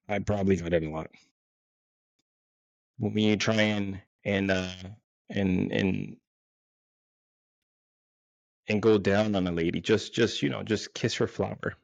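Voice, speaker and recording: A gravelly, rather low-voiced man in his forties rambles through a crude, self-mocking comedy monologue as host. His voice is close and dry, with a dull, lo-fi edge to the sound. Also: fairly even intonation, normal speed, no room sound. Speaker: podcast host.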